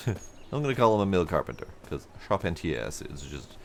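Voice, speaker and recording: Man streaming a game, lowish voice, lively up and down, dry asides to himself. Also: normal speed. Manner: wry, muttering to himself, talks to the game. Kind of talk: casual game commentary. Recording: faint game music behind.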